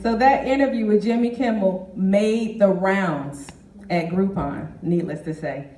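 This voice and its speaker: A woman giving a keynote business presentation, speaking in a measured way and addressing the audience directly. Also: medium pitch. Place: meeting hall. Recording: echoey hall from far off.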